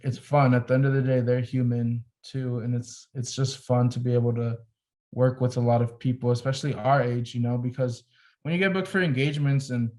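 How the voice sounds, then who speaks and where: A young man talks on a podcast as a photographer guest, recounting a story with animated, casual energy. He peppers his sentences with "like" and keeps the tone relaxed and conversational. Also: mid-range voice, fairly quick. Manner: animated storyteller, heavy use of "like".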